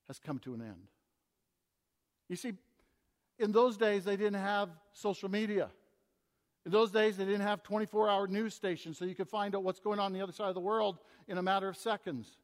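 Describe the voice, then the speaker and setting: A man preaching a sermon, swinging between loud emphatic reading and quiet, low asides to his congregation. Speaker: pastor. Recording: long hall reverb.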